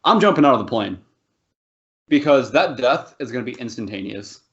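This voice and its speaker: A man's voice: mid-range voice, animated, normal speed. Rambling, laughing male podcast host. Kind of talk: casual podcast banter. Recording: dull lo-fi podcast audio.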